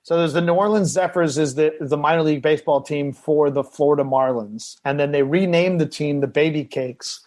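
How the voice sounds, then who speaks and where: A man's voice: a little high, a little fast, few pauses, no room sound. A man, an actor, chatting on a podcast and telling stories, acting out the voices of people he met. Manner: animated storyteller acting out other people's lines. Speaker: actor guest. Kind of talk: casual podcast chat.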